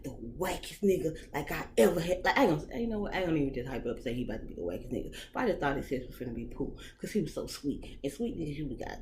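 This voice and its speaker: A woman vlogger telling a story in casual chat, animated, profane and dramatic as she talks to her viewers. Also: low voice, a little hiss or hum.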